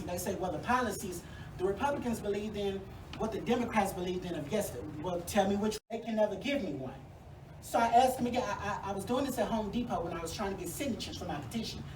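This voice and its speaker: A woman's voice: mid-range voice, animated, rapid-fire, far from the mic, background noise. Fired-up woman speaking in an echoey room. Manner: sassy, fired-up, folksy. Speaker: congressional primary candidate. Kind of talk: campaign stump speech. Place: venue hall at a forum. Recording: echoey room, mic from afar.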